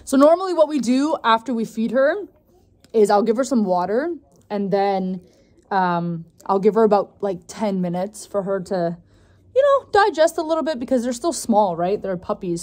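A woman's voice: medium pitch, animated, normal speed, a little mellow. A young woman talking casually to her vlog viewers, loose and chatty with plenty of "like" and "um". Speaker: vlogger.

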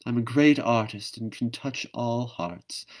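A man's voice: mid-range voice, expressive, measured pace, voice pushed up, close to an everyday voice. A man voicing a vain male nightjar bird who speaks in a pompous, self-satisfied way. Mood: smug.

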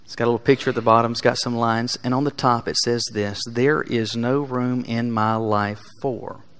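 A man preaching a sermon in a church, speaking earnestly and building to emphatic peaks before dropping quiet. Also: mid-range voice, fairly even intonation, moderate pace, clean tone. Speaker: pastor. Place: church sanctuary.

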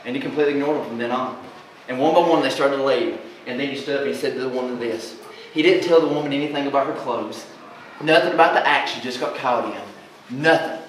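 A man preaching a sermon as pastor, animated and plainspoken, often quizzing his congregation with questions. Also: mid-range voice, fast talker, slight background noise. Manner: folksy, plainspoken. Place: large church hall. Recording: echoey hall, voice from far off.

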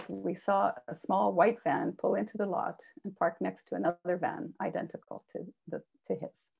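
A woman author reading a personal memoir aloud with expressive delivery. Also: mid-range voice, gravelly. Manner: expressive reading, raises voice for quoted shouts. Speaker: author reading her work.

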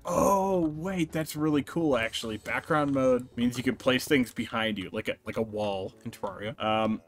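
Excitable young man doing game commentary. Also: mid-range voice, moderate pace. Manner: excitable, jokey, squeals when startled. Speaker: gaming YouTuber. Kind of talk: let's play commentary.

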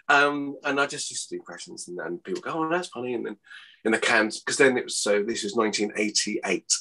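A man, rambling and laughing as he chats in an interview, his voice not yet warmed up. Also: mid-range voice, gravelly, breathy edge. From Hertfordshire, England. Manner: rambling, chatty, laughs often, says mate. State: voice not warmed up, early morning. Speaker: impressionist guest. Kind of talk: casual interview chat.

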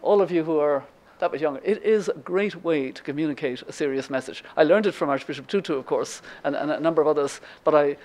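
Her voice sits low with a darkish tone, and she talks fast. She's from Ireland, in her seventies, and is giving a guest lecture that features a story full of ums and restarts.

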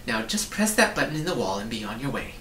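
A man voicing a brisk, bossy female witch who scolds dismissively. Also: medium pitch, sing-song, sharp tone. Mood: scolding. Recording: roomy, distant mic, faint hiss.

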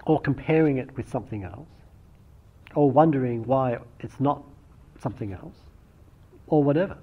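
A middle-aged man teaches meditation in a slow, reflective dharma talk, circling back to restart his phrases as he thinks aloud. His voice is a little husky. The recording sounds dull and lo-fi. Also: medium pitch. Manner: unhurried, reflective, with frequent restarts.

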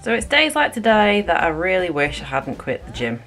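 A woman's voice: lowish voice, big pitch swings, moderate pace, fairly bright tone, faint music behind. Chatty British woman vlogging at home. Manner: chatty, talking straight to viewers. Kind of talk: casual home vlog.

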